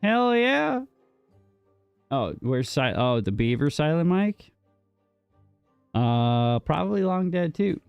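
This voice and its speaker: A man's voice: mid-range voice, animated, slow pace, vocal fry, smooth, dry recording, highs cut off, faint music behind. A man streaming a game, casually bantering with his chat and teasing them in a mock-defensive way, with some casual swearing. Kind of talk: casual live gameplay chat.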